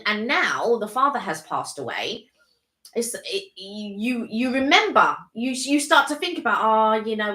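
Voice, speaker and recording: A woman's voice: on the high side, pushed and bright, echoey room. An English woman co-hosting a casual live-stream chat, talking in rambling runs that restart and trail off. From England. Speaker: co-host.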